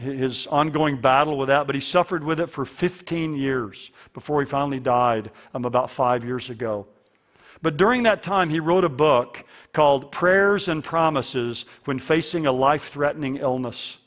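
A man's voice: medium pitch, fairly bright tone. A man preaching a sermon as a pastor, earnest and fond of repeating key lines for emphasis.

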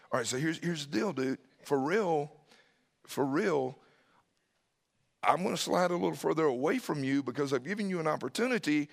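A man's voice: fairly high pitch, expressive, moderate pace, gravelly, pauses often, long reverb tail. A middle-aged man preaching a sermon as a pastor, telling a family story, acting out the dialogue, and sometimes dropping to a whisper.

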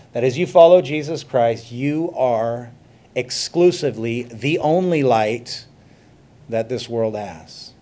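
A male pastor delivering a sermon in a mid-range voice. He preaches emphatically, building loud and sinking quiet, and drops into casual asides to the congregation. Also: medium pitch.

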